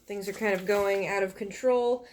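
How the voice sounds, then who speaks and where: A woman's voice: medium pitch, fairly even intonation, moderate pace. Chatty woman reading a children's novel aloud. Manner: chatty asides explaining the book. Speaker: reader of a children's book.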